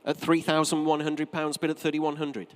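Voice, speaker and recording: A man from North East England with a light regional accent, calling bids at a live auction from the rostrum, with brisk repetitive patter and joking asides. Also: a little high, monotone, clear, resonant tone. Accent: North East English. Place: auction sale room, from the rostrum. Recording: long reverb of a large sale room.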